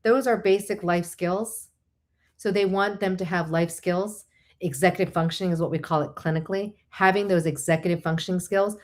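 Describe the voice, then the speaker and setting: A woman counselor hosts a live talk and chats her way through the subject. She explains with many asides and keeps an animated, talkative manner. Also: on the low side, moderate pace. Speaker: host, licensed counselor.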